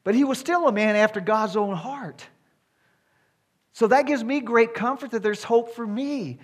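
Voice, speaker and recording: A man with a high voice preaches a sermon. He drives each point home with emphatic repetition and climbs to forceful declarations. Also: measured pace.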